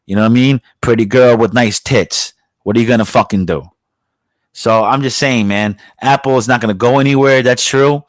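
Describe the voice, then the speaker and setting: A man hosts a podcast, ranting bluntly and swearing freely. His voice sits at an ordinary pitch and is recorded dry, with no room sound. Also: moderate pace, no echo. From New York. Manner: profane, blunt, heated ranting. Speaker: podcast host. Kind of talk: casual podcast rant.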